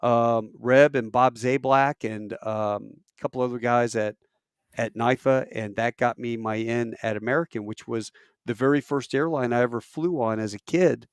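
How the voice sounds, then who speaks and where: A man's voice: medium pitch, normal speed, clean tone, dry recording, clean studio sound. A man in his fifties, an airline pilot and podcast co-host, telling a long personal story in casual chat and acting out the people in it. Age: 50s. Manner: animated storyteller acting out quoted voices.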